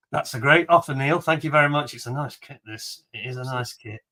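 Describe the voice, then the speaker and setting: Talking casually on a live stream, a male host runs a charity model kit auction, laughing a lot and eagerly praising each kit. He speaks at a medium pitch with a pushed, bright quality.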